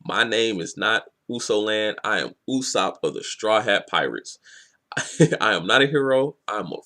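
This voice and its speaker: A young pirate admits his faults with blunt defiance, as a man acts him out in his own easygoing voice. The voice sits low, but the delivery is lively and bright. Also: moderate pace. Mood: defiant.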